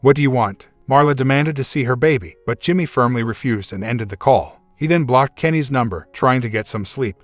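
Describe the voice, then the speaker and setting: A man reading a dramatic relationship story aloud as scripted narration, in a steady, even storytelling manner. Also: mid-range voice, brisk, hardly any pauses, no room sound, soft background music.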